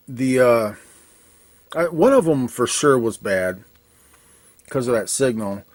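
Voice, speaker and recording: A man in a workshop talks through a repair at a middle pitch. He thinks out loud in a plain, self-mocking way. The sound is close and dry, with no room echo. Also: animated, slow, pauses often. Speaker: arcade repair technician. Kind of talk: casual repair walkthrough.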